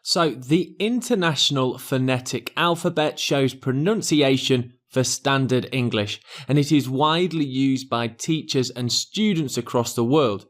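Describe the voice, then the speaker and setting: A man teaching an exam pronunciation lesson in a clear, deliberate scripted delivery that stresses key words. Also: mid-range voice.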